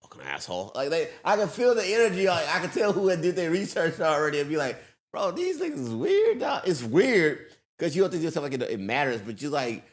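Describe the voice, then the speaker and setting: A male comedian in casual podcast chat, laid-back, jumping into high-pitched impressions of people. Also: expressive, fast.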